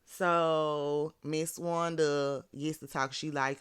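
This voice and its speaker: A speaker with a Southern Alabama twang dishes out animated, sassy commentary in easy slang. The voice is smooth and clear. It is recorded close and dry, with no room sound. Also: medium pitch, slow pace, no room sound. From Birmingham, Alabama. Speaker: reality TV recap commentator. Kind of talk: casual commentary.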